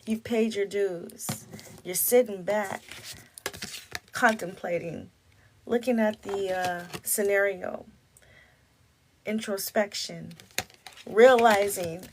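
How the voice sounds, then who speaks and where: A woman giving a tarot reading for a zodiac sign, animated, breaking into sung snippets and laughter. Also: medium pitch, slow, long pauses, background noise. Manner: animated, sings and chants snippets, laughs often. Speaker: tarot reader.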